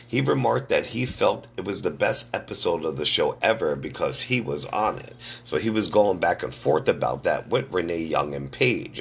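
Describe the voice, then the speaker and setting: A hoarse middle-aged man with a gravelly, husky voice, hosting a casual wrestling news podcast in a blunt, profane way. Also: very deep voice, a bit bright. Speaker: podcast host.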